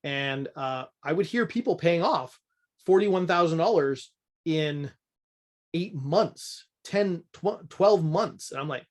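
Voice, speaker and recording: A man's voice: a little high, expressive, measured pace. A man from Canada teaching a budgeting course in a casual, candid, self-deprecating way.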